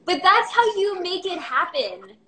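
A woman's voice: very high-pitched, sing-song, unhurried, echoey room, background noise. A woman hosting a casual interview chat, cheering her guest on with short encouraging interjections. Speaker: host.

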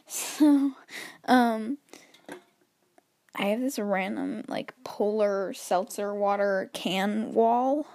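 A woman's voice: mid-range voice, extremely slow, darkish tone. A teenage girl hosting her own podcast alone, talking nervously and rambling with lots of restarts, a little wheezy, while pacing around her bedroom. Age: teens. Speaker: podcast host. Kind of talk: solo podcast chat.

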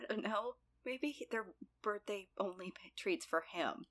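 A woman's voice: medium pitch, normal speed, fairly bright tone. A woman co-hosting a podcast, reacting to the recap with wry jokes in casual chat. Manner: wry, joking reactions and quips. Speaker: podcast co-host.

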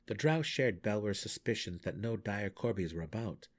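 A man reading a fantasy novel aloud in steady, measured storytelling. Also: on the low side. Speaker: audiobook reader. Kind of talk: fan audiobook narration.

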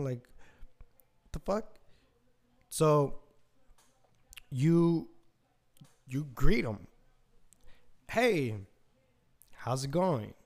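Male podcast host, casual solo talk, loose and profane, lots of "like" and "you know", voice sitting a bit high. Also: darkish tone. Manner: rambling and profane, full of fillers. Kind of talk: casual monologue.

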